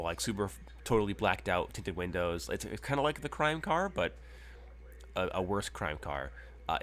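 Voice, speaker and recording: A man narrating a tabletop game as game master, casual and full of fillers, dropping into quick character voices. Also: low-pitched, a bit bright.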